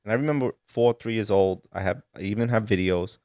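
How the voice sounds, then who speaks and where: A man who grew up in Sicily, a guest telling animated stories in casual chat. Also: fairly low pitch, a little fast, no room sound, studio quality. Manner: animated storytelling with laughs.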